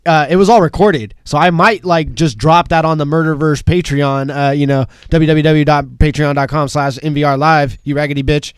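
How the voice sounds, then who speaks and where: Brash, profane comedian, dry close sound. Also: male voice, on the high side, normal speed, few pauses, clear, resonant tone, dry recording. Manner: brash, animated, swears constantly. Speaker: podcast co-host and comedian. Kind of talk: casual profane chat.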